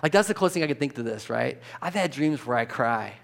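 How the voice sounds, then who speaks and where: A pastor giving a conversational sermon, informal, with restarts and repeated words, growing loud and animated when he stresses a point. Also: medium pitch, quick pace, creaky.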